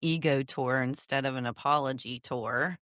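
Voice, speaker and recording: Very low-voiced blunt woman. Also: steady tone, normal speed, a bit bright, dry recording, clean studio sound. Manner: blunt, agreeing, frank. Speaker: podcast co-host. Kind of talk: casual recap chat.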